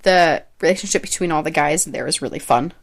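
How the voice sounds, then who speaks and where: Woman, young adult, podcast co-host, casual chat, lower voice, chatty, laughs often. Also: fast, vocal fry. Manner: chatty, laughs often, trails off mid-sentence.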